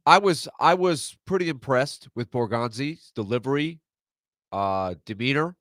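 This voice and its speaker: A man's voice: mid-range voice, lively intonation, fairly bright tone, no room sound, studio quality. Congested, nasal-sounding male radio co-host. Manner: halting, with many fillers and restarts. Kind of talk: radio talk show discussion.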